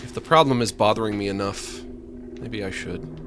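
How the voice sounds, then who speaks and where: A man's voice: on the low side, normal speed, over loud music. A man streaming a game, chatting casually and rambling to his viewers. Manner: rambling, chatty, self-deprecating. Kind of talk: casual let's-play chat.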